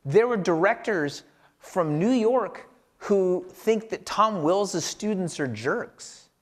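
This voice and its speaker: With a high-sitting, animated voice and an unhurried pace, a man rambles through a self-deprecating personal story, leaning on lots of filler words. He's a podcast co-host reflecting on scripture, keeping things casual.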